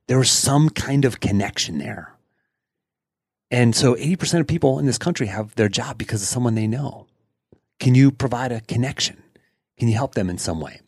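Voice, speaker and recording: A man's voice: mid-range voice, slightly rough, dry recording, studio quality. A man hosting a podcast, telling a story in a chatty way with fillers and laughing as he goes. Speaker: podcast host. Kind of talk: casual storytelling monologue.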